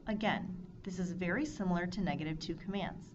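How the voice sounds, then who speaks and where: A woman with a slightly low voice teaches Spanish grammar in a measured, scripted lesson, reading out verb forms one after another. The recording is dull and lo-fi. A steady noise sits clearly behind her.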